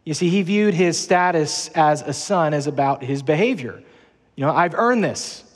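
A man's voice: fairly high pitch, normal speed, big-room sound. A man preaching a sermon as pastor in a large church auditorium, earnest and emphatic, repeating his key phrases.

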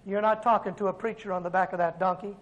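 A male evangelist preaching a dramatic sermon, telling the story with swings from loud, ringing lines to hushed ones. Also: sits high, steady tone, fast talker, poor audio.

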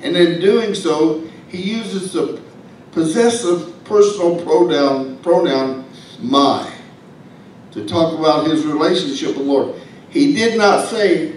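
A man with a high voice delivers a folksy, humorous sermon, turning to the congregation with asides. He sounds far from the mic, and the church echoes heavily around him over a faint low rumble. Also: a little slow. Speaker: pastor. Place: church sanctuary.

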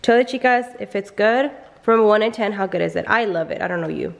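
A woman's voice: medium pitch, a little fast, gravelly. A young woman vlogging about her family in casual chat, with a stuffy nose and lots of "like" and "guys".

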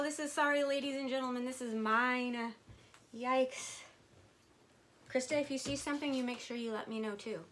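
A woman vlogger chatting casually to her viewers as she unboxes items, gushing and excitable. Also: high voice, normal speed, slight background noise.

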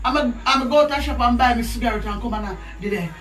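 A woman with a Jamaican accent telling her side of a dispute in rambling, animated patois. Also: on the high side, rapid-fire, echoey room, recorded from a distance. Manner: animated, rambling, speaks in patois with many restarts. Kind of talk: casual spoken storytelling.

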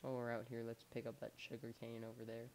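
A man's voice: mid-range voice, level tone, quick pace, gravelly, darkish tone, a little hiss or hum. A young man giving playful let's play commentary, coaxing an animal along with lots of repeated encouragement. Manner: playful, coaxing and repeating himself as if talking to a pet. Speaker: gamer.

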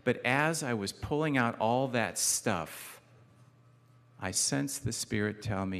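A man preaching a guest sermon in a church, conversational and lightly humorous, dropping soft and low on key phrases. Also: animated, takes it slowly. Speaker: guest pastor. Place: church sanctuary. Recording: reverberant church hall.

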